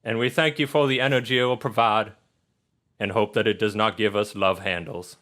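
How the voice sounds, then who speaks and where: A man's voice: lowish voice, steady tone, fairly quick, fairly bright tone, lightly acted. A man voicing an earnest, pious widowed father in a tabletop game, speaking solemnly and kindly.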